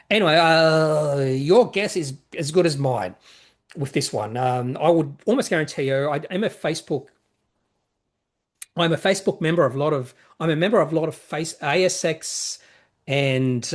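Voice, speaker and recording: A man hosting an investing channel, answering viewer questions in a rambling, self-correcting way with plenty of fillers. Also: medium pitch. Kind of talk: casual market commentary, reading viewer questions.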